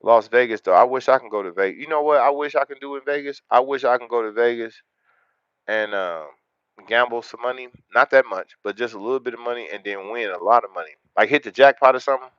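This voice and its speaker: A man hosting a casual livestream, talking to viewers in a relaxed, slangy way. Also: medium pitch, quick pace, clear, resonant tone, no room sound, lo-fi sound. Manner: laid-back, slangy, talks straight to chat. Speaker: livestream host.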